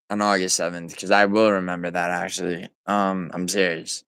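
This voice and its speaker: A man's voice: low voice, level tone, normal speed, a bit bright, smooth, dry recording. A man hosting a casual livestream, answering chat viewers by name in a loose, rambling way. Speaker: livestream host.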